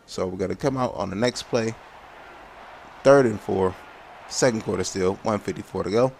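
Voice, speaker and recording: A man's voice: on the low side, moderate pace, gravelly, a little mellow, a little hiss or hum. A man giving casual let's-play commentary, narrating his football video game play by play with exasperated outbursts and slang. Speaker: gameplay commentator.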